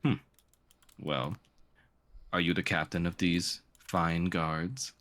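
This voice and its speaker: A man's voice: low-pitched, fairly even intonation, slow, fairly bright tone. A man voicing a haughty, indignant noblewoman who scolds with aristocratic airs.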